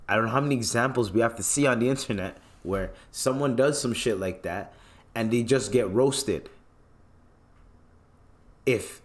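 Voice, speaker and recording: A man hosting a podcast, ranting in a blunt, profane, mocking way as he gives casual commentary. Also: mid-range voice. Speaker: podcast host.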